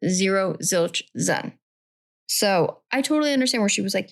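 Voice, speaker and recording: A woman's voice: medium pitch, lively intonation, normal speed, gravelly. A woman co-hosting a podcast, talking in an emphatic, playful way and arguing her side in casual chat. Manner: emphatic and playful, argues back. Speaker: podcast co-host.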